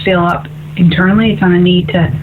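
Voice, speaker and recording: A woman's voice: lowish voice, little pitch movement, quick pace. Woman, radio host and medium, upbeat and chatty, tinny phone-like sound, faint hiss. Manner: upbeat and chatty, often asks "right?". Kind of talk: call-in spiritual radio talk.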